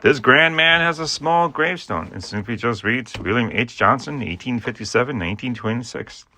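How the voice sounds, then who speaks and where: A man's voice: mid-range voice, normal speed, slight background noise. A man telling a humorous historical story, with playful asides and jokes about his own mistakes. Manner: jokey asides, playful and animated.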